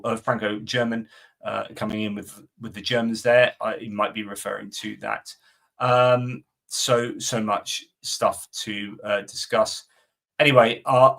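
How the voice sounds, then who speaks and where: A middle-aged man with a slightly bright mid-range voice hosts a live stream, answering viewer comments in a casual chat. He keeps rambling, restarting often and using lots of fillers.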